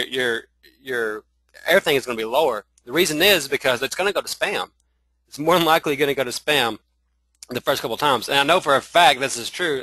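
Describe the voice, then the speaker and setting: A man with a Southern accent teaching a live screen-share webinar, talking in halting runs full of restarts and fillers. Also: medium pitch, sharp tone, no echo, poor audio. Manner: halting, many restarts and fillers, addresses viewers as y'all. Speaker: online marketing trainer.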